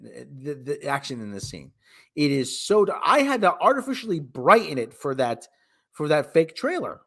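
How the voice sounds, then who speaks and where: A man's voice: on the high side, big pitch swings, moderate pace, fairly bright tone. A man hosting his show, giving rambling, sarcastic, wisecracking commentary in a casual movie review. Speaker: host.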